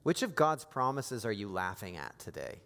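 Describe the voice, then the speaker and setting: A man's voice: lowish voice, big pitch swings, moderate pace, a little hiss or hum. Dynamic male pastor in a reverberant hall. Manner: dynamic preaching, swinging from quiet to emphatic. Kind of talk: sermon.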